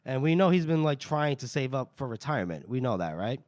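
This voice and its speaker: A man's voice: mid-range voice, very animated, a little fast, darkish tone, no room sound, clean studio sound. A man co-hosting a book podcast, recapping chapters in a casual, rambling way full of "you know" and "like". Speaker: podcast co-host.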